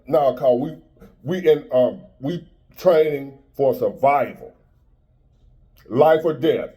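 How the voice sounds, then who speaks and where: A man's voice: on the high side, takes it slowly, pauses often, warm tone. A man in his fifties giving a blunt, preachy motivational monologue in street-style talk. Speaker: motivational speaker.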